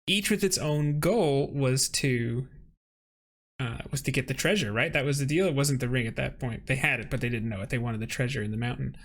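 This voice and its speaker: Animated man chatting about tabletop games. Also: medium pitch, fairly quick. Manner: animated, chuckling, acts out short quotes. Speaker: co-host. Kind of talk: casual podcast chat about game mastering.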